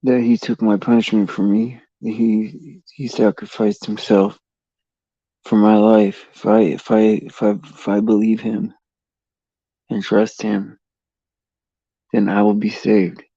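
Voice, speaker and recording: Slow, dark-voiced man chatting on a stream. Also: lowish voice, flat delivery, vocal fry, no echo. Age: adult father of a son over eight. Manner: halting, repeats words, many fillers. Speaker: livestream host. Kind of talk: casual faith livestream chat and prayer. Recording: dull lo-fi stream mic.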